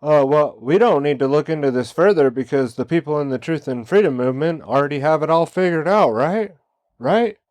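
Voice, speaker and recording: A man voicing a smug, know-it-all male truther in a Southern US accent, his voice pitched well above his own. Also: animated, brisk, a little mellow, dry recording, close to an everyday voice. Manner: smug, dismissive, mocking tone.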